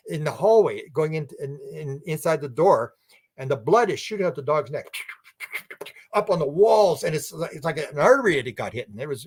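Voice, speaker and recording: Man, interview guest, slightly high voice, animated, rambling, acting out quotes. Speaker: guest researcher. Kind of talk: storytelling in a conversational interview.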